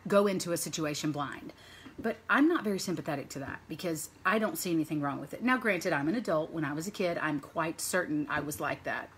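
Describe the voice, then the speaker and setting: A woman in her thirties, a mother, chats to camera in a casual vlog. Her voice sits a little low, and she rambles from one thought to the next. A faint hiss of noise runs under the recording. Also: a little fast. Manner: chatty and rambling, stringing thoughts with "and so". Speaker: mother sharing parenting stories.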